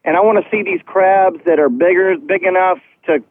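A man's voice: high voice, normal speed, breathy edge. A male musician calling in by phone for a radio interview from outside a tour bus at a concert, upbeat and rambling. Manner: upbeat, rambling, lots of "um" and "man". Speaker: musician guest. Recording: tinny phone line.

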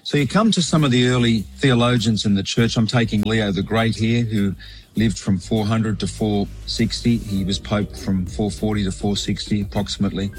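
A man, a bishop, giving a measured, explanatory weekly sermon reflection. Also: on the low side, steady tone, faint music behind, rough recording.

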